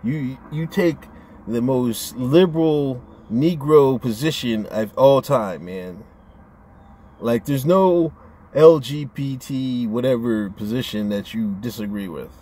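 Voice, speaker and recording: A man's voice: mid-range voice, takes it slowly, dark tone, slight background noise. A man ranting on his own channel in a casual, profane, rambling way, often stammering as he restarts his sentences. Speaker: vlogger. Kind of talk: casual rant to camera.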